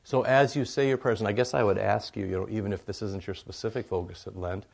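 An older male pastor preaching in a loose, conversational way, often pausing to ask his listeners "right?" His voice sits low and has a gravelly, creaky texture. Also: fairly even intonation, a little mellow. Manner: folksy and rambling, checks in with the congregation with frequent "right?". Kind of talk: conversational sermon.

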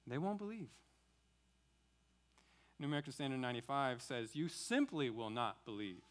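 Animated male pastor preaching. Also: medium pitch, moderate pace. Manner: expository preaching with rhetorical questions and emphatic repetition. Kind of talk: sermon.

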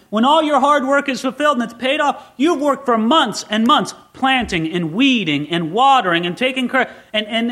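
A middle-aged man preaching a Bible sermon as pastor, swinging between quiet asides and excited peaks. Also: high-pitched.

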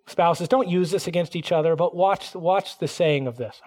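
A middle-aged man preaching a sermon, animated, acting out quoted voices as he teaches. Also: a little high, normal speed, hardly any pauses. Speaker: pastor.

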